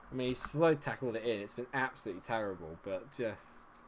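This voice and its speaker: A man's voice: lowish voice, a little fast, hardly any pauses. A man giving live commentary over a football management game, sarcastic and exasperated, swinging between grumbling and cheering. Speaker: gaming streamer.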